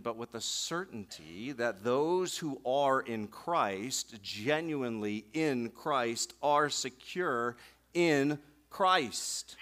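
A man pastor preaching a sermon, emphatic, swelling and slowing down on key phrases. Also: medium pitch, bright, forceful tone.

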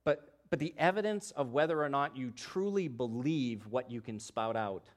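A man preaching a sermon who moves from hushed, low passages to loud, emphatic ones and voices the doubts of biblical figures. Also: normal speed. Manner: acts out the voices of doubters in scripture. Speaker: pastor.

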